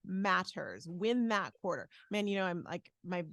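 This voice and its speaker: A woman's voice: on the low side, measured pace, dry recording. A woman co-hosting a casual podcast, with a voice that swoops up and down as she talks. She sounds playful and chatty, hopping from one topic to the next. The sound is dry and close to the mic. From Arizona, USA. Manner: playful, lively, jumps between topics and sings snippets. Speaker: podcast co-host.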